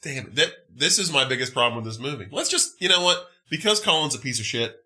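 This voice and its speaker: A man hosting a casual movie podcast, recapping a film in an animated, profane, exasperated way. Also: medium pitch, fast talker. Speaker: podcast host.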